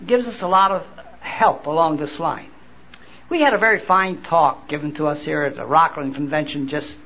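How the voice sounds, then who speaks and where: A man preaching a sermon at a convention, reading scripture and explaining it slowly, often repeating and restarting words. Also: on the high side, a bit bright, dull audio, a little hiss or hum. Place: convention hall.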